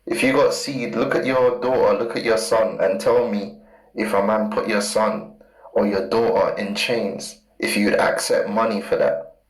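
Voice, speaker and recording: A man preaching fiercely from scripture, hammering points with repetition and reading verses slowly. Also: fairly low pitch, fairly even intonation. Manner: emphatic, repeats key words, reads verses slowly. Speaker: street preacher. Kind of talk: fiery scripture teaching. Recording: roomy echo.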